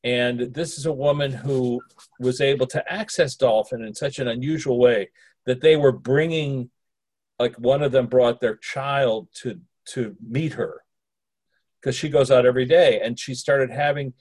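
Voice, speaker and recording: A man's voice: mid-range voice, unhurried, darkish tone, dry recording. A man co-hosting a podcast in casual chat, playful and joking, often laughing. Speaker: podcast co-host.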